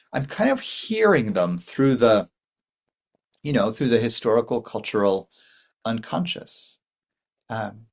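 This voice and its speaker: A man in his forties giving a dharma talk as a Buddhist meditation teacher, rambling and thoughtful, with many fillers and restarts. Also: mid-range voice.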